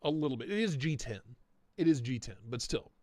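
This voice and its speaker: A man's voice: medium pitch, lively intonation, fairly quick, mellow, dry recording. A man hosting a casual live stream, riffing and joking with mock indignation, with a stuffy, blocked nose. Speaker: livestream host reviewing knife listings.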